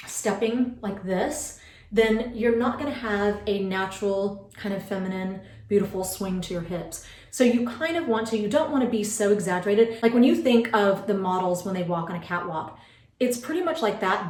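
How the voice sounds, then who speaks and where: A woman's voice: mid-range voice, a little mellow. Chatty woman in a roomy space. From United States. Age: 40s. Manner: chatty, rambling, many fillers and asides. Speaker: beauty vlogger. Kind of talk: casual how-to vlog. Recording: roomy, mic some distance away.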